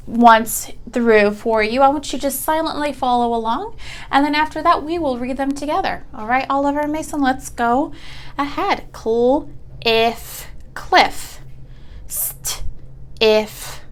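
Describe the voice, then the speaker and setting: A young woman teaching a phonics lesson to children over video, speaking patiently and enunciating each sound clearly. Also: fairly high pitch.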